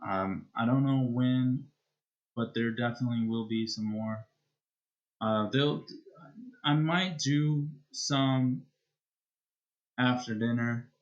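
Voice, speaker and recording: Slow, rambling male streamer. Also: mid-range voice, fairly even intonation, highs cut off. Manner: rambling and hesitant, with many restarts. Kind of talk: casual chat wrapping up a live stream.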